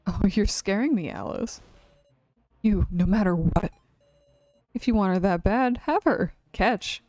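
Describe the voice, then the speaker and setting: A woman's voice: mid-range voice, unhurried, darkish tone, no room sound, soft background music, lightly acted. A woman voicing a mocking, cruel man who taunts his captives in a sing-song, quiz-show way.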